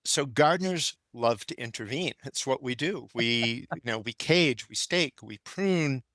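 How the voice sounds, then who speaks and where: A man's voice: medium pitch, expressive, unhurried, fairly bright tone, no echo. Opinionated older male gardening expert. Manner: thoughtful, opinionated. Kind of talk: casual conversation.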